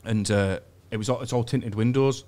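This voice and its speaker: A man's voice: mid-range voice, normal speed, warm tone. A man from England with an English accent, telling a rambling story in a casual podcast chat, quoting what people said and swearing a lot. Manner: rambling storytelling with lots of swearing and quoted dialogue. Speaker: guest storyteller, former boxer.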